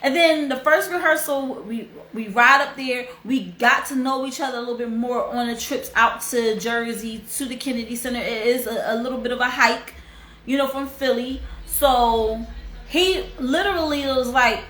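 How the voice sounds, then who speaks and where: A young woman hosts a casual livestream, her fairly high voice carrying a story with open emotion. She talks in a chatty, heartfelt way and circles back to repeat what matters. The sound is roomy, with a clear echo around her. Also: moderate pace, a bit bright. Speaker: host.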